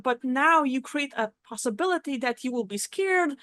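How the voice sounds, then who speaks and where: High-voiced woman, casual and blunt. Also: normal speed, few pauses, a bit bright, no room sound. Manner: casual and blunt, swears freely, acts out quoted reactions. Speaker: spiritual vlogger. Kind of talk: casual teaching monologue.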